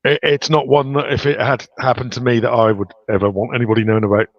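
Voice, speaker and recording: A man, a guest in a casual interview, speaking in a measured way with stumbling restarts. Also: mid-range voice, little pitch movement, dry recording. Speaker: guest, book author and festival organiser. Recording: dry, dull lo-fi sound.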